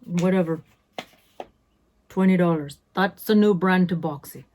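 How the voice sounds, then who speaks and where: A woman's voice: on the low side, measured pace, a little mellow, slight background noise. A woman in her fifties chatting casually as a beauty vlogger through an unboxing, sassy and full of self-interrupting asides. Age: 50s.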